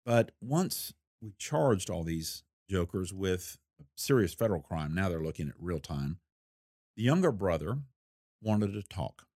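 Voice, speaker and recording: An older man and former investigator telling a case story in a folksy, unhurried way with a wry edge. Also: low-pitched, expressive, darkish tone, no room sound, clean studio sound. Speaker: retired federal investigator recounting a case. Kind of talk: storytelling interview.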